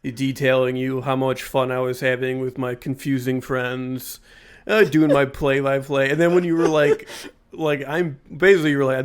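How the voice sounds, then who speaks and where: This is a man in the middle of a casual podcast chat, speaking at an average pitch. He rambles in a relaxed way and chuckles often as he tells his side of a story. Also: normal speed, clean tone. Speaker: podcast co-host.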